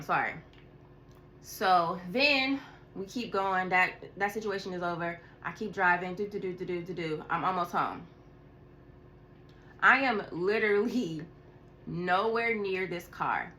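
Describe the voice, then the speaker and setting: A chatty woman vlogger telling a story in a bright, crisp voice. She is animated and expressive, laughing and sighing as she goes. Faint ambient noise sits under her voice. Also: on the low side. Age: adult with a school-age daughter. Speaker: tarot reader. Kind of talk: casual storytelling vlog.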